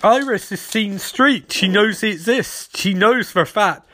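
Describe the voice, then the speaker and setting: A young man recapping and reviewing a TV episode in a casual, animated way, swearing freely. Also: high voice, unhurried.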